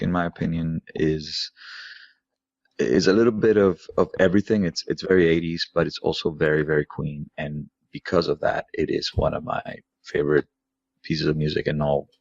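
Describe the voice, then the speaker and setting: A man speaking as a podcast guest in casual chat, halting and repeating words, laughing mid-sentence. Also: rumbling low, steady tone, creaky, husky, no echo, muffled recording.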